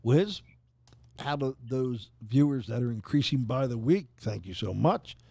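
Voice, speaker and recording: Gravelly older man hosting a sports podcast. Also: medium pitch, expressive, measured pace, mellow, dry recording. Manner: friendly, repeats himself, leads the talk. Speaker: podcast host. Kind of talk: casual sports chat.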